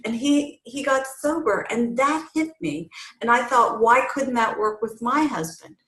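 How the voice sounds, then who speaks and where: A middle-aged woman coach telling her story in an interview, animated and acting out the voices she quotes. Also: fairly high pitch, measured pace. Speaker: family recovery coach, guest. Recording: roomy echoey sound.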